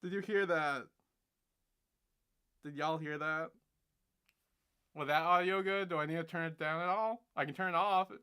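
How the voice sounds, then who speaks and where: A man in his twenties streaming a reaction, excitable and laughing, swearing often. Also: on the high side, moderate pace, pauses often, clean tone. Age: 20s. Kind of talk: livestream reaction commentary.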